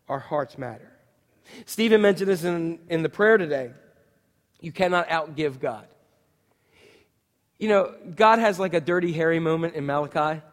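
Male pastor, sermon, high voice, animated and jokey, long hall reverb. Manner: animated, jokey, asks the congregation questions.

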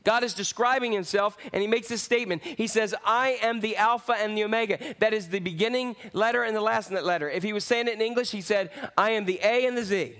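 High-voiced man preaching a lively sermon. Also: a little fast, hardly any pauses. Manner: lively preaching with swings from loud to hushed. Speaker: pastor.

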